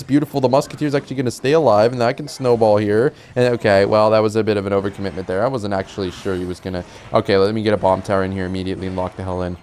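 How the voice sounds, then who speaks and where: A young man giving casual commentary on his own game, chatty and rambling, with sudden excited outbursts. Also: fairly low pitch, very fast, few pauses, faint music behind. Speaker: gameplay commentator.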